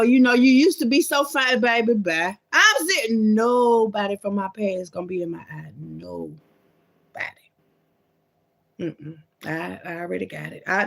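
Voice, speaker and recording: A woman's voice: mid-range voice, vocal fry. A woman in a rambling, casual monologue to her viewers. She calls them "y'all", "baby" and "boo", and often drops in "mm-mm" and "mm-hmm" asides.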